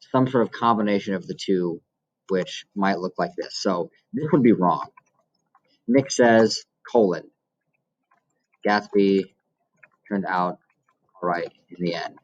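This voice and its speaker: Lowish-voiced man teaching a writing lesson. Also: dull audio. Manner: explanatory, walks through examples step by step. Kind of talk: recorded classroom lesson.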